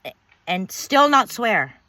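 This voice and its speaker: A woman's voice: on the high side, very animated, slow pace, sharp tone, no echo. A woman telling her own story of betrayal in a bitter, emphatic way, repeating words and swearing. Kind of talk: personal storytelling monologue.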